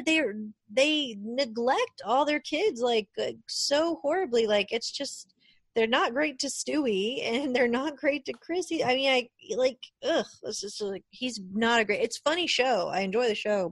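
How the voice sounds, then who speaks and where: A woman chatting casually with a co-host, animated and full of fillers, getting worked up. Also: high voice, moderate pace, breathy edge, dry recording, clean studio sound. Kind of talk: casual chat.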